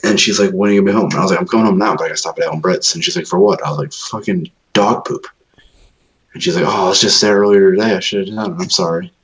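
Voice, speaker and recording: A man's voice: low-pitched, fairly even intonation, rapid-fire, highs cut off. A man co-hosting a podcast, telling long profane stories in casual chat and acting out what others said. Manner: profane rambling storytelling, acts out quoted voices. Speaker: podcast co-host.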